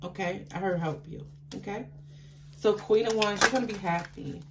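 A woman giving a tarot card reading to her viewers, chatty and affectionate, with excitable bursts of laughter and exclamations. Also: medium pitch, normal speed, heavy background noise. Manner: chatty, affectionate, calls listeners baby.

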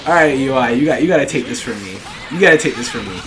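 Lively, excitable trash-talking gamer man. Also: mid-range voice, fast talker, a crowd in the background. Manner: excitable, trash-talking, laughs and shouts often. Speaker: gaming channel host. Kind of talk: live gameplay commentary. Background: fighting game music and sound effects.

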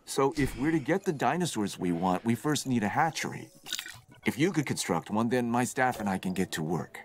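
An actor playing a calm, businesslike male lead geneticist in a video game, with a measured, even delivery. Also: medium pitch, slight background noise, natural voice. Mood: composed. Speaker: game character. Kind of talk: scripted video game dialogue.

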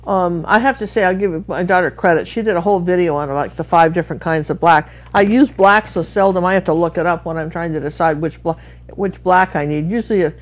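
This middle-aged art teacher from Washington State, USA, talks a little fast in a lowish voice. Her live painting lesson is chatty and meandering, with plenty of friendly asides.

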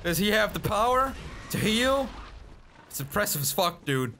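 A man giving let's play commentary, swearing and exasperated, bursting into shouts, with game music behind. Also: high voice, very animated, moderate pace, a little hiss or hum. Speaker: gaming YouTuber.

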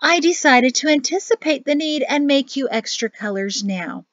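A woman's voice: high voice, animated, normal speed, a bit bright, dry recording, voice pushed up. A woman voicing a cheerful, pushy older mother-in-law who talks in a sing-song way. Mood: chirpy. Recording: dry, slightly muffled audio.

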